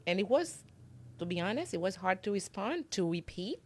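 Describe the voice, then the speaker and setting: A woman's voice: mid-range voice, big pitch swings, normal speed, darkish tone. A middle-aged woman from Haiti, a guest in a conversational interview, talking earnestly about her upbringing.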